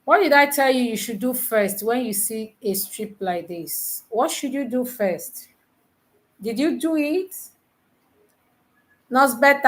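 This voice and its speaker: A woman tutoring nurses in a live online lesson, teasing her students and quizzing them with repeated questions, counting aloud slowly. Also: a little high, lively intonation. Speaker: nursing exam tutor.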